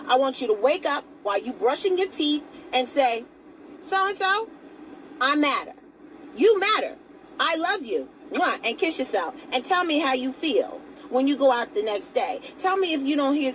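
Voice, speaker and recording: A woman's voice: high voice, a little hiss or hum, poor audio. A woman giving a motivational talk to camera as a self-help vlogger. She speaks earnestly and coaxingly, asks viewers direct questions and greets some of them by name.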